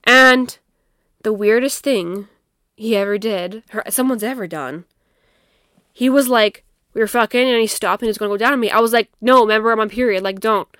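A woman's voice: a little high, normal speed, pauses often, a bit bright, smooth, no room sound, studio quality. A young woman hosting a casual, candid chat, tired and cursing freely as she sips wine. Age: young adult. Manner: candid and profane, laughing, drinking wine. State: tired, yawning. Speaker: podcast host.

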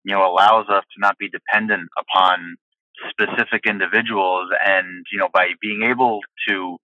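A man's voice: deep voice, fairly even intonation, moderate pace, no room sound, muffled recording. A man talking as a podcast guest in casual chat, explaining at length with lots of fillers. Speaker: podcast guest, football fan.

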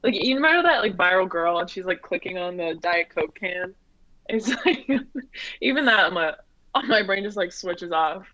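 A woman's voice: lowish voice, expressive, moderate pace, bright, forceful tone, no room sound. Chatty young woman, dull dry sound. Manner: chatty, filler-heavy, laughs often. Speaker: comedian guest. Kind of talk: casual chat.

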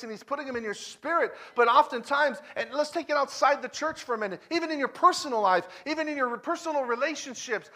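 Bright-voiced high-pitched male preacher. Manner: repetitive, emphatic, swings from loud to hushed. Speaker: guest preacher. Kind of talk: conversational sermon with personal stories.

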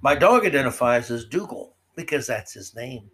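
A man's voice: medium pitch, very animated, fairly bright tone, slightly rough. Sarcastic male podcast host ranting. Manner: sarcastic, mocking; swings between slow drawl and quick asides. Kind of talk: opinion podcast monologue.

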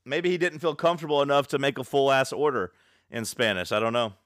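A man's voice: medium pitch, quick pace, a bit bright, no echo, clean studio sound. Young man teasing in casual chat. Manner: teasing, wisecracking, blunt. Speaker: podcast co-host.

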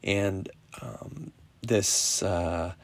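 A middle-aged man hosting a podcast, telling a personal story in a casual, profane, animated way with lots of quoted dialogue. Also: low-pitched, drawn-out words, vocal fry. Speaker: podcast host. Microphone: podcast app recording.

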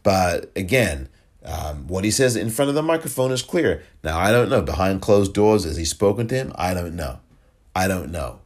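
A man with a very low, husky voice delivers indignant political commentary as a podcast host. His pitch swings widely as he hammers each point home with repetition. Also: very animated, moderate pace. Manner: emphatic, indignant, repeats points for force.

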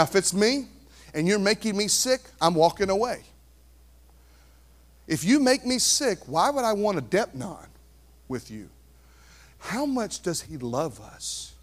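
A man preaching a sermon in an animated way, swinging from quiet asides to near shouting. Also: high-pitched. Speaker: pastor.

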